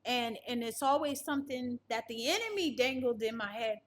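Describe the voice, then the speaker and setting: High-voiced woman giving earnest testimony. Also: lively intonation, moderate pace, slight background noise. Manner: earnest storytelling that acts out others' words. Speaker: guest sharing a survival testimony. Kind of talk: personal testimony interview.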